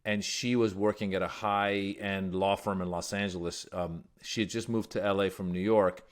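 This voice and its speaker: A man from Iran, a guest comedian, telling stories in a casual, animated way. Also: sits low, moderate pace. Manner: animated storyteller. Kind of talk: casual storytelling.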